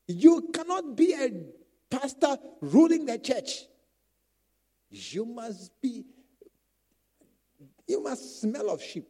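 A man's voice: sits high, unhurried, long pauses. A man preaching a sermon to church leaders, repeating phrases and acting out quotes. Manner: animated preaching with repetition and acted quotes. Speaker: pastor.

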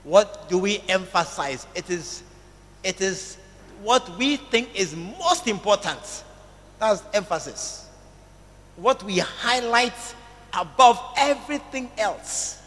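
A pastor preaches a sermon to his church in a high, bright, expressive voice with a forceful edge. Speaking slowly and emphatically, he repeats phrases and calls on the congregation to say amen, while long reverb from the church hall trails each phrase.

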